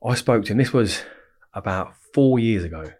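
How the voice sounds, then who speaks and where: Essex guy, low husky voice, rattles off stories quickly, swears a lot. Brief: guest telling tales on a podcast. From England. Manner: fast, animated storytelling with heavy swearing. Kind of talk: storytelling interview.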